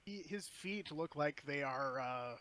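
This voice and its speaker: Higher-voiced man running a tabletop game. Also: animated, a little slow, sharp tone. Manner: patient rules explanations, describes scenes. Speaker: game master.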